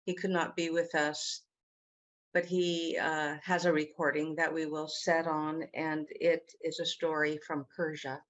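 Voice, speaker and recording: Woman host, low, flat, unhurried, dull lo-fi audio. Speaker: concert host. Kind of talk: introducing the next act.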